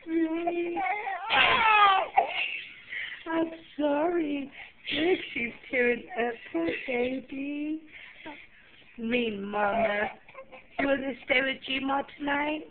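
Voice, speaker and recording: A woman's voice: sits high, fairly even intonation, slow, noisy background. Grandmother cooing baby talk, tinny home video. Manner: coaxing sing-song baby talk.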